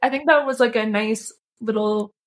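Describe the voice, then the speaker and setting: Hesitant young woman, soft-spoken. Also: on the high side, moderate pace. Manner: soft, hesitant, many fillers. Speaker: podcast co-host. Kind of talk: casual chat.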